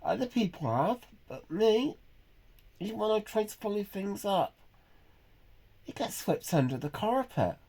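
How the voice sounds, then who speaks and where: A man, talking in a halting, hesitant way with many pauses and restarts in an earnest, emotionally raw personal vlog. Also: high-pitched, very animated, creaky, darkish tone. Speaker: vlogger. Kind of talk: personal confessional monologue.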